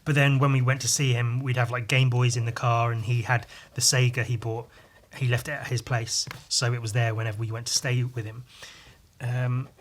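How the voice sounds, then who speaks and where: This podcast host is a man with a mid-range, slightly bright voice. He delivers a casual, rambling monologue packed with swearing and side comments.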